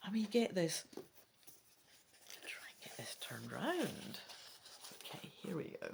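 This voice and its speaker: A woman hosting a let's play, reading the rules of a gamebook aloud and thinking aloud between sections, often dropping into soft muttering. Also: fairly low pitch, very animated, takes it slowly, creaky, long pauses, noisy background.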